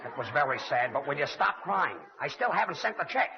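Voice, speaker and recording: A man's voice: on the high side, very animated, brisk. Exasperated man in 1940s radio comedy. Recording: muffled 1940s radio broadcast with studio audience.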